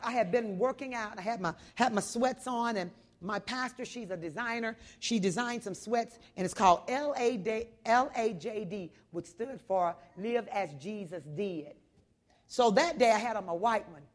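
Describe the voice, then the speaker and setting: Loud woman preacher, hushed to shouting. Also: a little high, expressive, moderate pace. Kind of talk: sermon.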